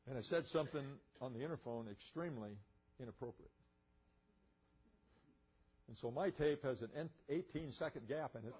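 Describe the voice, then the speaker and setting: A man's voice: medium pitch, moderate pace, pauses often, muffled recording, a little hiss or hum. An older man, a retired pilot, telling a story in a museum lecture. He acts out the dialogue and often chuckles. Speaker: guest speaker, retired pilot.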